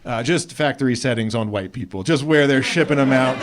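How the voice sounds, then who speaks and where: A young Australian man with an American accent does a stand-up set on a club stage at a normal pace, lively and jumping up into high voices when acting out quotes. He uses a handheld stage mic, and the live club recording carries audience laughter.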